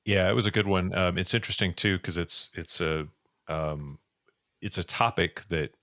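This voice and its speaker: Low-voiced man hosting a news chat. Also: normal speed, a bit bright, no room sound, clean studio sound. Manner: rambling, many restarts. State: voice deeper and rough after illness. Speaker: podcast host.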